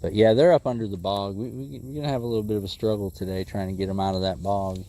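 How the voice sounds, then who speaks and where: Excitable man livestreaming from a fishing boat. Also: on the low side, fast. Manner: excitable, talks to the fish and chat. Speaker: livestreaming bass angler. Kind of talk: casual live commentary while fishing.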